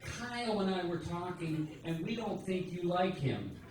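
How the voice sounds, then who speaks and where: A man's voice: high voice, animated, a little slow. A man in his sixties quoting his young adult daughter, an environmentalist who lectures in a self-righteous way. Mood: preachy. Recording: echoey club from a distance, loud noise.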